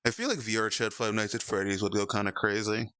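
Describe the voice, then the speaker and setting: A young man streaming in VR, chatting casually with viewers, animated and laughing often. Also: fairly low pitch, fast talker, clear, resonant tone, no echo, clean studio sound. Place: VR chat stream at home.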